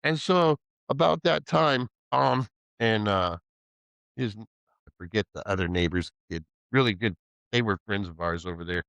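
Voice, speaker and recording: Profane, animated male storyteller. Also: on the low side, a little slow, gravelly, dry recording, low-quality recording. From Pacific Northwest of the US. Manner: profane, animated, laughs often, acts out quoted voices. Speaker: podcast host telling a story. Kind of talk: casual storytelling.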